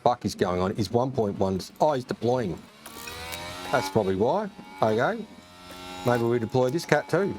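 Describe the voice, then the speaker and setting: A man with an Australian accent commentating casually as he plays a racing game, excitable, swearing often and calling everyone mate. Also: medium pitch, moderate pace, long pauses. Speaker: gaming streamer. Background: game music and engine sounds.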